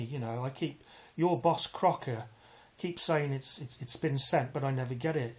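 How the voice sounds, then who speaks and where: A man's voice: mid-range voice, normal speed, darkish tone. A man, telling an aggrieved personal story in a rambling way, full of restarts and asides. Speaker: vlogger. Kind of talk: casual storytelling to camera.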